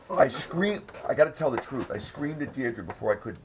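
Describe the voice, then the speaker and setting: A man's voice: medium pitch, very animated, a little slow. A man hosting a casual podcast, telling a rambling, profanity-laced story. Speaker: podcast host. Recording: dull lo-fi audio with faint noise.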